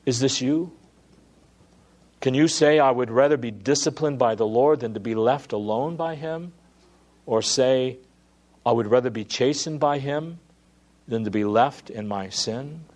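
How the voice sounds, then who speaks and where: A man preaching a sermon, moving between hushed, quiet lines and impassioned, emphatic declarations. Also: medium pitch, unhurried. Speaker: pastor.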